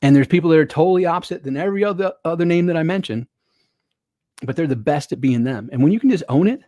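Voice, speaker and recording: Motivational male coach, lively and conversational, slightly high voice, dry recording. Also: quick pace, no echo. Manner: energetic, repetitive, conversational with rhetorical questions. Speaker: online business coach. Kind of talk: motivational webinar talk.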